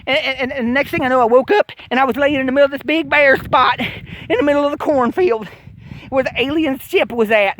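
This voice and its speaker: A man's voice: extremely high pitch, brisk, fairly bright tone, slight background noise. A man, telling a rambling comic monologue with stammers and mock distress. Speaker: comic storyteller.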